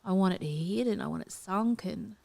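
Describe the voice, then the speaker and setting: A woman's voice: medium pitch, normal speed, creaky, mellow. A woman talking through a game build, drifting between murmured comments and whispers to herself. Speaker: game build tutorial host. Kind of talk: casual gameplay commentary.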